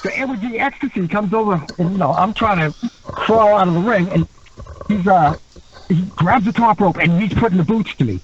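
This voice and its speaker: A man guesting on a podcast, telling a story with animated delivery, acting out what others said and laughing along. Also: high-pitched, moderate pace. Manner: animated storyteller who acts out quotes and laughs. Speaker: guest, former wrestler. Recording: dull lo-fi sound with faint noise.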